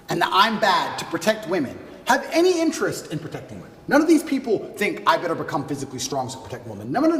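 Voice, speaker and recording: Animated, fast-talking man ranting far from the mic. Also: high-pitched, echoey room, big-room sound. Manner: emphatic, repetitive, contemptuous. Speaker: interview guest. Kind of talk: forceful podcast rant.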